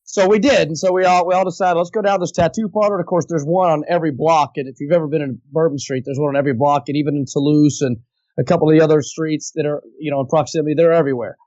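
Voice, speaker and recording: A man, a voice actor guest, telling an animated, chatty story in a podcast interview. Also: a little high, very fast, no room sound, lo-fi sound. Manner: animated, chatty, slips into impressions.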